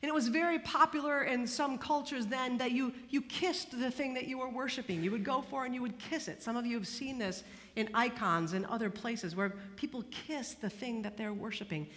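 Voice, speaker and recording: Woman preaching, fairly high bright voice, hushed then emphatic, big echoey hall. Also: normal speed. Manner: expressive, swings from hushed to emphatic. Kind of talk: sermon. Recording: long hall reverb.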